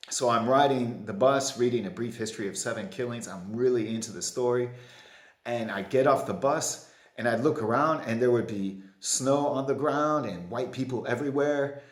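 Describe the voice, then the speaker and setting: A man hosting a book quiz, chatty and self-deprecating with playful asides. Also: lowish voice. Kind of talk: casual quiz presentation to camera. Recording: roomy echo.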